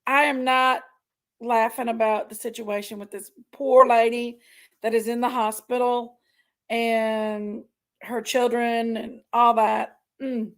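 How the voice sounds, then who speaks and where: A woman hosts a loose, rambling livestream chat, gushing over each viewer who drops in. She talks at an unhurried pace in a high voice with a gravelly edge, stretching out her exclamations. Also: little pitch movement. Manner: effusive, greeting viewers one by one. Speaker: livestream host.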